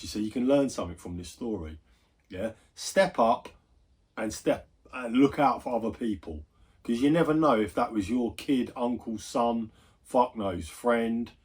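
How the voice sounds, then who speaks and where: Husky chatty man telling a story. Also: mid-range voice. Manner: chatty, swears freely, rambling asides. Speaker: gaming YouTuber. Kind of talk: casual storytelling vlog.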